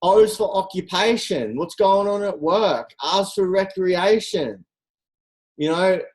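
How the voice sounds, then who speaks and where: Energetic motivational coach. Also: medium pitch, poor audio. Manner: energetic, direct, full of rhetorical questions. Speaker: team coach. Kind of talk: motivational talk on a group call.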